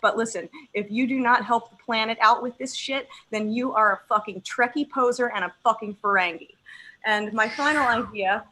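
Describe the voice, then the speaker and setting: Bright-voiced woman doing profane stand-up. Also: fairly high pitch, slight background noise, low-quality recording. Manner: emphatic, profane, pausing like a preacher between lines. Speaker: stand-up comedian. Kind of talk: stand-up set on a video call.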